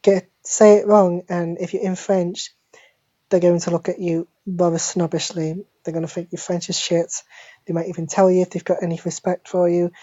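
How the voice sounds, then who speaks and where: A woman giving a deadpan parody language lesson, speaking slowly and deliberately and repeating each word like a teacher. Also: on the low side, no room sound. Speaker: mock French teacher. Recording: dull lo-fi phone screen recording.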